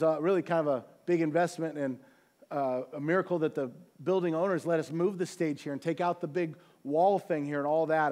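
A man's voice: fairly high pitch, a little mellow. A middle-aged man preaching as a church pastor, telling a personal story and building to fervent, earnest exhortation. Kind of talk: sermon.

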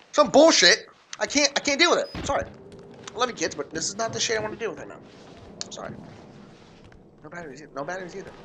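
High-voiced man yelling through a horror game. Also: a little hiss or hum. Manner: loud, panicky yelling and swearing; talks to the game and the viewers. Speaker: gaming video creator. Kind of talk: let's play commentary.

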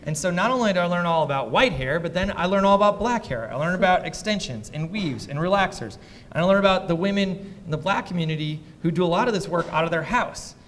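A man who invests in startups, speaking as a fireside chat guest before a live audience, blunt and profane as he tells lively anecdotes. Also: high-pitched, quick pace, in a large hall. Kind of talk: candid onstage storytelling.

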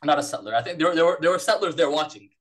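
Fast-talking man from Palestine. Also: a little high, poor audio. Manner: rambling, profane, animated retelling. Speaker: podcast guest. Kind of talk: casual storytelling.

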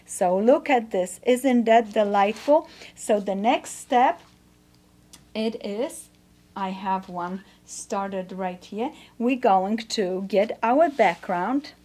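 A woman hosting a quilting lesson, her voice sitting a little high. She walks through each step warmly, gushing over every cut and press. Her exclamations of delight come often. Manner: gushing, encouraging, exclaims "oh, wonderful". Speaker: quilting teacher and show host. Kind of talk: instructional demonstration.

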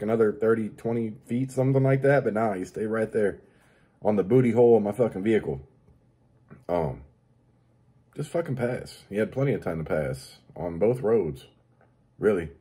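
Warm and slightly rough, this man's voice drives a crude comedic rant on the show he hosts. He complains about daily annoyances, swears constantly, and mocks others by imitating them in a high voice.

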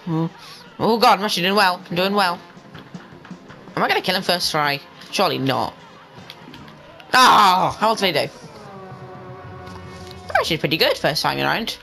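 A young man giving excitable let's-play commentary, talking to the game and to his viewers and bursting into yells. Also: high-pitched, brisk, vocal fry, pauses often, soft background music, poor audio. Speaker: gaming channel host.

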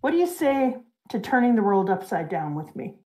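A woman's voice: medium pitch, very animated, normal speed, mellow, lightly acted. A woman voicing a brash young male pirate captain, bold and eager.

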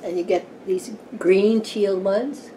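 A woman hosting a home tarot vlog, chatting loosely and giggling as she rambles along. Her voice sits at an everyday middle pitch, and a faint hum of room noise runs behind her. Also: steady tone, slow pace, warm tone. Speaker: tarot channel host. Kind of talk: casual vlog chat. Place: home room with a fan running.

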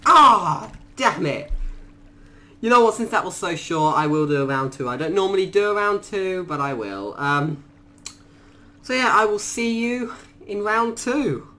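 A man doing let's play commentary, muttering quietly to himself and then bursting into panicked shrieks and swearing. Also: sits high, animated, unhurried. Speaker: gaming YouTuber.

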